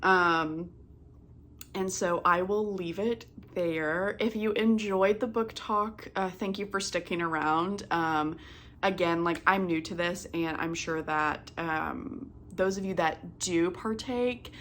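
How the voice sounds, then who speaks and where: Chatty young woman with slow filler-heavy talk. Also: lowish voice, steady tone, a bit bright, slight background noise. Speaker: cross-stitch vlogger. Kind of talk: casual chat.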